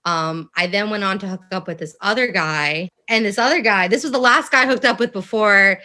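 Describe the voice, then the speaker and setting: A woman's voice: mid-range voice, brisk. A woman in her twenties chatting on a podcast, telling a story with lots of laughter and acted-out dialogue. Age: 20s. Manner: animated storytelling, acts out dialogue, laughs often. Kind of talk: candid podcast chat.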